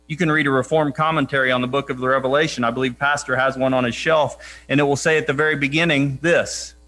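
A man preaching a sermon, earnest and emphatic, slowing down to press key points and quoting scripture with weight. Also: medium pitch, pushed and bright.

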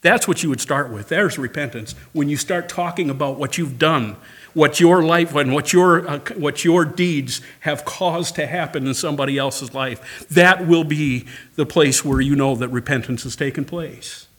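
A male pastor preaches with emphatic, repeated phrases. His voice is husky and sits a little high for a man. He calls out for amens from the congregation. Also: normal speed, a bit bright. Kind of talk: sermon.

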